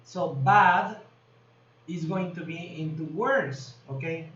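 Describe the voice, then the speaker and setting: A man teaching an English grammar lesson, explaining slowly and patiently and checking in with "okay?" often. He is a native Spanish speaker. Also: on the high side, a bit bright. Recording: distant, roomy, dull lo-fi recording with faint noise.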